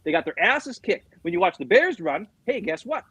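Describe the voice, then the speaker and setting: Husky middle-aged man, ranting animatedly. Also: high voice, big pitch swings, moderate pace, bright, forceful tone, no room sound, low-quality recording. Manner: heated, profane ranting. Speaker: sports podcast co-host. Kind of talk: casual sports chat.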